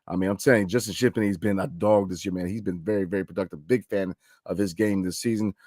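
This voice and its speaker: A man hosting a sports podcast late at night, reading listener comments and talking in an animated casual way, full of slang and repeated fillers. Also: sits low, fast talker, no room sound, studio quality. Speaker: podcast host.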